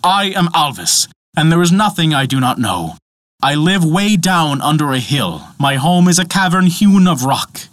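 A proud, pale dwarf speaks bluntly and with haughty scorn, as a man puts him on for a told myth. The voice sits fairly high and swings widely in pitch. The sound is dry and close. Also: very animated, normal speed, a bit bright, no room sound. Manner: haughty, testy.

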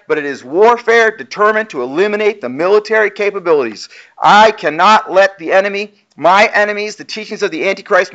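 Male pastor, higher voice, forceful sermon delivery, muffled recording. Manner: emphatic, acts out quoted voices while preaching. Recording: muffled lo-fi sound.

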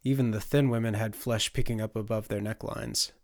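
A man's voice: lowish voice, fairly even intonation, brisk, vocal fry, a little mellow, no room sound. Man narrating an audiobook, dry and close. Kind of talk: scripted fantasy narration.

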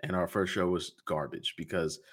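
Man, low voice, podcast host interviewed, casual storytelling, acts out dialogue, animated. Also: moderate pace, breathy edge.

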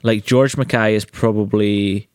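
A man talks films in casual podcast chat, blunt and quick to swear. His voice sits on the low side, and the sound is close and dry with no room around it. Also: fairly even intonation, clean tone, no echo. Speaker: podcast co-host.

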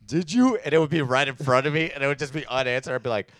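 A man's voice: mid-range voice, steady tone, racing, fairly bright tone. A young man, a podcast co-host, rambling and laughing through casual chat with lots of filler words. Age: young adult.

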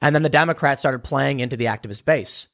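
A man's voice: medium pitch, fast talker, gravelly, a bit bright. A man delivering a sarcastic political commentary monologue, emphatic and mocking his opponents.

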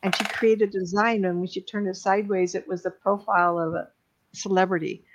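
A middle-aged woman, a psychic medium, giving readings on a live stream in an emotional, chatty way with many fillers and pauses. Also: medium pitch, steady tone, background noise. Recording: dull lo-fi stream audio.

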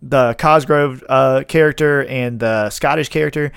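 A man in his thirties, hosting a podcast, chatting excitedly and rambling with frequent laughter. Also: mid-range voice, unhurried, creaky, clean tone, no echo, clean studio sound. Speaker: podcast host. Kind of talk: casual chat.

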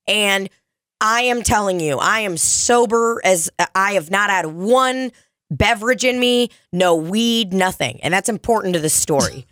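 A woman's voice: medium pitch, unhurried, dry recording, clean studio sound. A woman in her twenties, a comedian co-hosting a podcast, telling stories in casual chat with lots of swearing and acted-out voices. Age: 20s. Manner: animated storytelling, heavy swearing, acts out voices.

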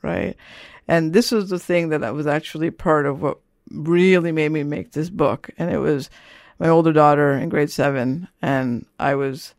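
A woman's voice: low-pitched, steady tone, normal speed, a little mellow, dry recording, studio quality. A middle-aged woman, an author and parent, talking casually in an interview with a rambling manner that keeps checking in with "you know" and "right?".

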